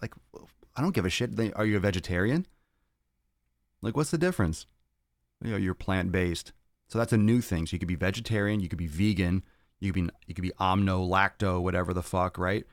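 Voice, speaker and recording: A man's voice: low-pitched, fairly quick, no echo, studio quality. A man hosting a fitness podcast, answering viewer questions in a blunt, profane, ranting way.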